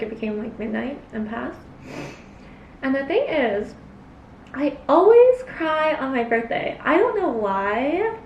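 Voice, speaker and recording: A young woman with a high, unhurried voice rambles through a casual eating chat, full of filler words. She sounds set back from the mic in a roomy space. A faint hiss sits under her voice. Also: gravelly, darkish tone, recorded from a distance, lo-fi sound. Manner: rambling, filler-heavy, chatty, talks between bites. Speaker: cosplay vlogger.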